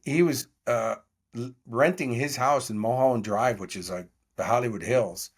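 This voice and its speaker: A man's voice: medium pitch, normal speed, husky. A man in his sixties, a podcast guest, telling stories in an interview and acting out the dialogue of the people in them. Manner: animated storyteller acting out quoted dialogue. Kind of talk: storytelling interview.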